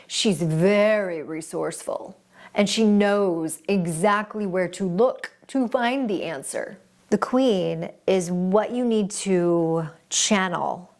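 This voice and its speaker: A woman's voice: mid-range voice, expressive. A woman hosting a self-help video, speaking directly to the viewer in an earnest, reflective and encouraging way. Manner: addresses the viewer directly with pauses and restarts. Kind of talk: motivational self-help talk.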